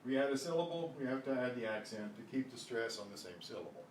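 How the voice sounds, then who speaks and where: An older man teaching a Spanish class, slow and patient, often clearing his throat, recorded from a distance. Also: medium pitch, lively intonation. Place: classroom at a senior center. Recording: echoey room, mic at a distance, faint noise.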